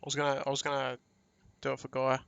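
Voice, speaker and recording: An Australian man chatting on a live stream, easygoing and quick to agree with his friends. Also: mid-range voice, completely flat delivery, gravelly, fairly bright tone, clean tone, dull audio. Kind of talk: casual live-stream chat.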